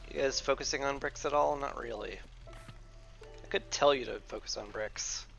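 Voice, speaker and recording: A man's voice: mid-range voice, moderate pace, gravelly, fairly bright tone, lo-fi sound, faint music behind. A man casually commenting on his gameplay as he plays, talking to himself and to the game with mock rants. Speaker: gameplay streamer.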